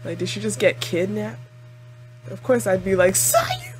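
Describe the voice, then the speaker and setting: In a casual anime reaction video, a woman speaks at a moderate pace with medium pitch. Her talk is expressive and full of "like," punctuated by frequent laughter and exclamations directed at the screen.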